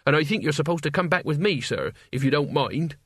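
A man's voice: on the high side, lively intonation, fairly quick, slightly rough, no echo, studio quality. A man voicing a nervous, bewildered young apprentice of Death in an audiobook reading. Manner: flustered, bewildered.

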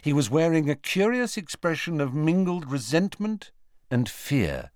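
A man narrating an audiobook with expressive storytelling on a close studio mic. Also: a little high, unhurried, no room sound. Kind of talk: scripted narration.

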